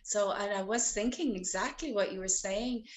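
A woman's voice: mid-range voice, moderate pace, slight background noise. A woman hosts a podcast in casual conversation with her guest. She speaks reflectively and sometimes repeats a word while she works out what she wants to say. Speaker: podcast host.

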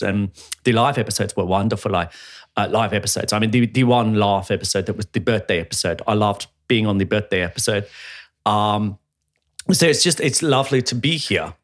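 A man doing a shaky put-on South African accent, gushing and rambling in a rushed way. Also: mid-range voice, voice pushed down, natural voice.

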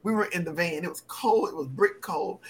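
A woman co-hosting a podcast for actors, chatting casually and telling lively, slangy stories. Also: on the low side, fairly quick, crowd noise. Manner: lively storyteller, slangy, laughs often. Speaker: podcast co-host. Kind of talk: casual chat.

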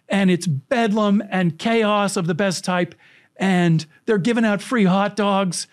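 A middle-aged man telling anecdotes as a podcast guest, lively, acting out quoted lines and laughing often. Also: high-pitched. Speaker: storytelling coach, podcast guest. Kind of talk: animated anecdotal storytelling.

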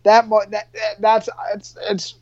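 A radio show producer tells a funny story in a loose, chatty way, with a high, monotone voice, a darkish tone and a slow pace. He laughs often and keeps restarting, with plenty of fillers. The recording sounds muffled and lo-fi.

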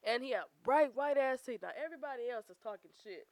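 A woman's voice: sits high, lively intonation, fast talker, darkish tone, dry recording, studio quality. A young woman bluntly telling profane stories in casual chat, laughing often.

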